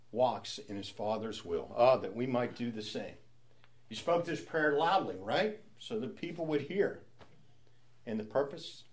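A man leading a Bible study, explaining scripture in a conversational way and often asking rhetorical questions. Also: medium pitch. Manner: conversational, asks rhetorical questions with frequent "right?".

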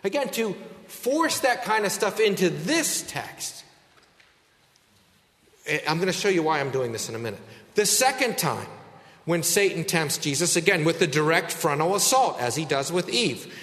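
A man preaching a sermon as pastor, emphatic, slowing down to stress key words. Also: on the high side, big pitch swings, a bit bright, reverberant, big-room sound.

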